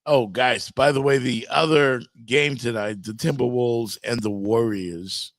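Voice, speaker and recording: A man's voice: medium pitch, fairly even intonation, a little slow, dry recording. A man hosting a casual sports talk show, giving firm, emphatic opinions.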